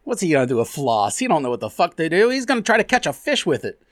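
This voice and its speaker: A man's voice: on the high side, sing-song, fast talker, no room sound, studio quality. A man on a casual podcast, teasing the others and laughing often. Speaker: podcast co-host.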